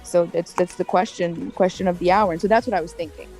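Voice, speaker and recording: A woman's voice: lowish voice, steady tone, quick pace, a little mellow, soft background music. A woman in casual chat with friends, talking in long runs and retelling conversations with quoted lines. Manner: chatty, retells stories with quoted voices, laughs often. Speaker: streamer chatting with friends.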